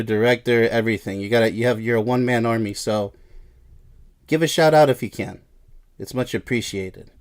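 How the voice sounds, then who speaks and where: A man hosting a song review show, talking in a casual, rambling video monologue full of asides about himself. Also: medium pitch.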